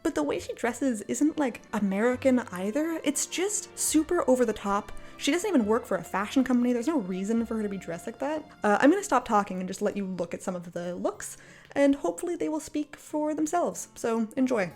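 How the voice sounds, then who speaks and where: A woman's voice: a little high, expressive, brisk, a little mellow. A woman ranting casually about a TV show from her apartment, exasperated and sarcastic, laughing often. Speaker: video creator. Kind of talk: casual commentary rant. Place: apartment, indoors. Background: faint cafe music.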